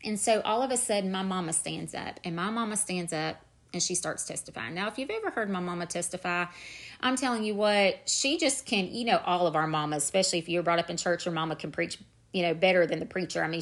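A woman's voice: fairly low pitch, quick pace. A middle-aged woman, telling her personal faith story on a podcast in an earnest, emphatic way. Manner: earnest, emphatic, repeats "I'm telling you". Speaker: podcast host.

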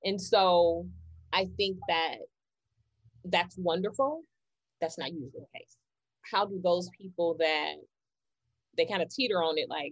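A woman's voice: medium pitch, animated, unhurried, no room sound, lo-fi sound. A woman hosting a conversation about healing, earnest and encouraging, often repeating phrases for emphasis. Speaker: podcast host.

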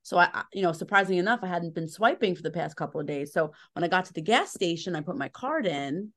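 A woman in her thirties chatting casually, telling animated, self-deprecating stories with lots of fillers. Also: fairly low pitch, quick pace. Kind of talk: casual chat.

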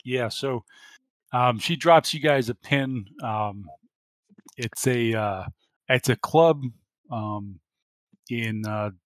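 A man's voice: medium pitch, takes it slowly, long pauses, no room sound. A man narrating as game master, laid-back with lots of ums and uhs.

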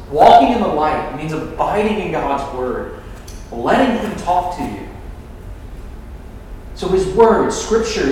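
A man delivers a sermon as a campus minister, with animated, chatty phrasing. His voice sits a little high for a man and carries a long, booming echo from a distant mic in a big hall, with faint room ambience behind it. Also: slight background noise. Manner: animated, conversational, many fillers.

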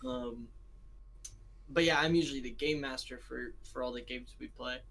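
Young adult American male, podcast co-host, rambling self-deprecating chatter, laughs easily, middle pitch. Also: normal speed, vocal fry, fairly bright tone, rough recording. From United States. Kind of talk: casual chat.

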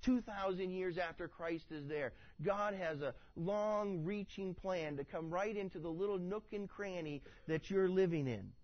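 A man's voice: sits high, a little slow, few pauses. A man preaching a sermon as pastor, reading scripture dramatically and with great animation. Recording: dull, dry audio.

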